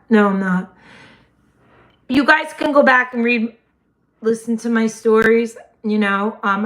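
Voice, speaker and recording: A woman, hosting a casual livestream chat in a slightly hoarse voice and laughing often. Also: mid-range voice. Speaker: livestream host.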